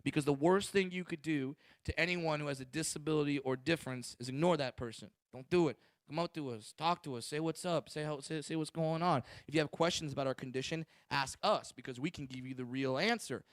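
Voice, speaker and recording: A man's voice: fairly high pitch, fairly quick, hardly any pauses, no room sound. A man doing a stand-up comedy set, brash and crude, swearing freely as he tells stories. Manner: crude, brash, profane storytelling.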